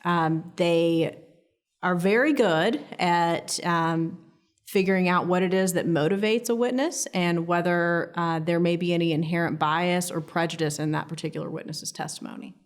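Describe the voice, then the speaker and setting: A woman criminal defense attorney explaining her practice in a measured way, with frequent ums and uhs. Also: on the low side. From United States. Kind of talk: professional legal education interview.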